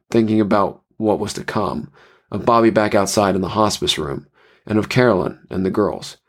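Low-voiced male horror narrator. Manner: measured storytelling. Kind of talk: scripted horror story narration.

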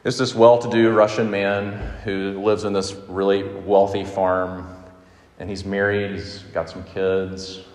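A man's voice: sits low, level tone, unhurried. Man, pastor, storytelling sermon, roomy echo. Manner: conversational storytelling preaching. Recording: roomy echo with long reverb.

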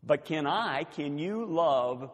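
Older man, pastor, animated sermon storytelling, emphatic loud peaks, church sanctuary. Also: a little high, slow. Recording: long reverb of a church hall.

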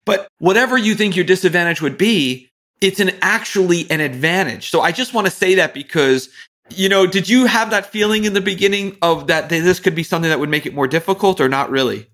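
A man hosting a podcast interview, asking rapid-fire questions with lively enthusiasm. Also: high voice. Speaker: podcast host.

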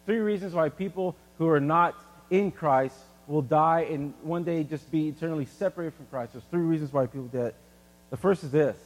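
A man preaching a sermon in a casual, animated way, using everyday examples. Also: on the high side, moderate pace, big-room sound. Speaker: pastor.

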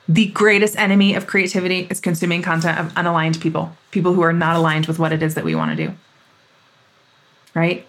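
A woman's voice: on the low side, a bit bright. Woman, 30s, solo podcast host; emphatic, fired-up, candid delivery.

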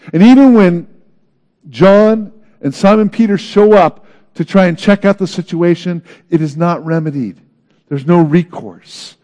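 A man preaching a sermon in an earnest, dramatic way, swinging between loud emphasis and hushed moments. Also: high-pitched. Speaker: pastor.

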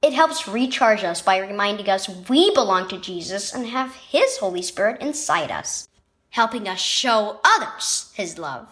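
A woman voicing a patient father who gently teaches his sons, in a children's devotional story reading. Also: mid-range voice, lively intonation, a little slow. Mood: instructive. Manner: gently instructive. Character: patient calm father of two boys.

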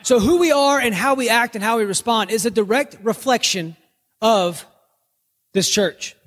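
A man preaches in an easygoing, humorous way, spinning everyday stories into his message. His voice sits high for a man. The sound rings with a long reverb, as if in a large hall. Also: moderate pace, fairly bright tone. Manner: joking, storytelling preacher. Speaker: pastor. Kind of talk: conversational sermon podcast.

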